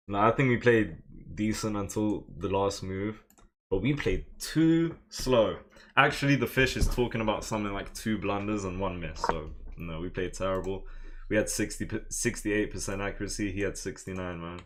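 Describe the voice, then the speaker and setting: A man's voice: lowish voice, moderate pace, slight background noise. A young man, commentating live on his own online chess game, muttering moves and now and then breaking into exasperated outbursts. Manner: muttering his moves, then bursts into loud frustrated exclamations. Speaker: chess streamer.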